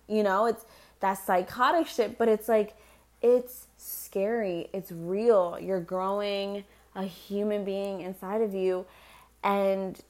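A woman's voice: medium pitch, darkish tone. A young woman telling her pregnancy story in a candid personal vlog, rambling, laughing often and swearing freely. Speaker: expectant mother.

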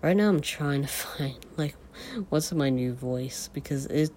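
A podcaster talking in a casual, confessional way, a man whose voice is changing and cracks now and then. He talks haltingly, with many fillers and restarts. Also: fairly high pitch, a little mellow, a little hiss or hum.

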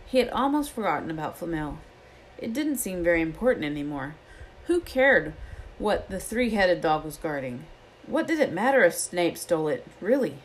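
A woman reading a novel aloud as an expressive storyteller. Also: lowish voice, normal speed, poor audio. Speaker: reader.

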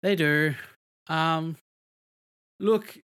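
A man's voice: on the high side, drawn-out words, a bit bright, clean tone. A man in casual chat, recapping a film plot in a rambling way full of fillers and restarts. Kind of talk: casual movie review chat.

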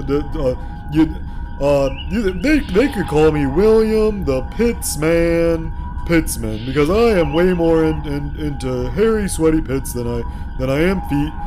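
A man hosting a comedy podcast, rambling through tangents and stumbling over repeated words. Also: a little high. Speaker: podcast host.

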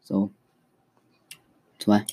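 A young man telling jokes in a halting, hesitant way, full of fillers. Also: warm tone, dry recording, poor audio. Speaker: joke teller. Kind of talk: casual joke telling.

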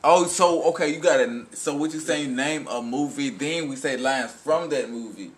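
A man in casual chat, animated and laughing, trading movie lines with a friend. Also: medium pitch, moderate pace.

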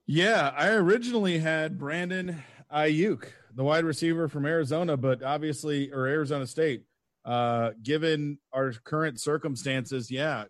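A man with a slightly high voice chats casually on a sports panel. He is playful and tosses in jokey nicknames. His voice sounds dry and close to the mic. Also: no room sound.

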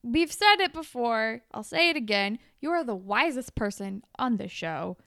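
Animated young woman recapping a show. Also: a little high, normal speed, creaky, no echo, clean studio sound. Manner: animated, swearing, acts out characters in raised voices. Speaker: podcast co-host. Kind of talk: casual recap chat.

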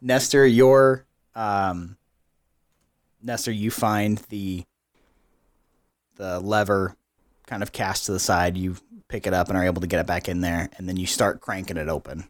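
A man's voice: deep voice, fairly even intonation, a little slow, pauses often, no room sound, clean studio sound. A man narrating as game master of a tabletop game, loose and chatty with fillers.

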